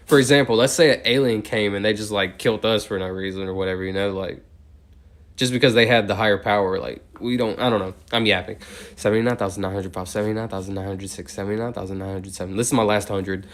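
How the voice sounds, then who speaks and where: A man livestreaming as he counts out loud without a break, now and then drifting off into rambling chat full of "like". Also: on the low side, steady tone, quick pace.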